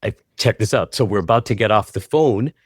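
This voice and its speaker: A man from Canada with a low voice, recorded close with a dry sound. He tells an interview story with lots of energy and acts out both sides of old phone calls. His voice shoots up high whenever the excitement comes back to him. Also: fairly quick, no echo. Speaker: guest choreographer.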